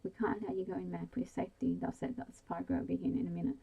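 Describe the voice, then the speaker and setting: A firm young policeman keeps order in an official tone, as a woman whispers his lines. This is whispered role-play, low and husky, with little rise and fall. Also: very fast, narrow, tinny audio.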